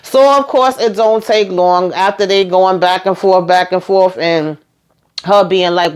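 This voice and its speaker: A woman's voice: on the low side, a little slow, smooth. A woman hosting a reality show recap, giving sassy, opinionated commentary in a chatty, casual way.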